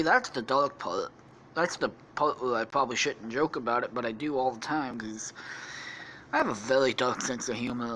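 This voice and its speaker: A man's voice: mid-range voice, pushed and bright, a little hiss or hum. A man hosting a podcast, rambling through an improvised comedy story with lots of swearing and laughter. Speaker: podcast host.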